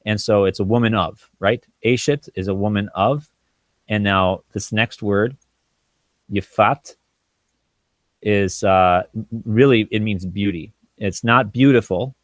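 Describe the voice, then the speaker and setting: Low-voiced man teaching Hebrew, halting. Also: no echo. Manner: thinking aloud, halting with frequent ums and restarts; sounds out Hebrew words slowly syllable by syllable. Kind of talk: informal teaching walkthrough.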